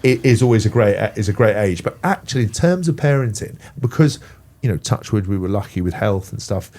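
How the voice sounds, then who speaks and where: A man's voice: fairly low pitch, fairly quick. A middle-aged man from England, a podcast guest, chatting casually about parenting and swearing freely. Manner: swears freely, animated when ranting. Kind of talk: casual chat.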